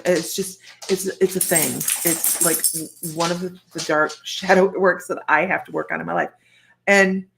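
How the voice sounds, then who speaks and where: An older woman, a psychic medium, telling a personal story in a chatty, animated way with frequent laughter. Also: on the low side, vocal fry. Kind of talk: storytelling monologue.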